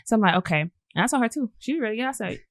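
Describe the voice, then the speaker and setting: Woman, 30s, podcast guest: quick, bright, dry close-mic sound, candid and slangy. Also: a little high, expressive, no room sound. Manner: candid, emphatic, with colloquial slang. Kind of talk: casual chat.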